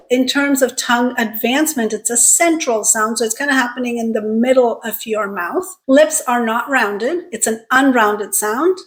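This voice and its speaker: An accent coach with a somewhat high, slightly bright voice leads a pronunciation lesson, speaking directly and encouragingly to her viewers. Her teaching is clear and deliberate, and she slows down to draw out the sounds she models.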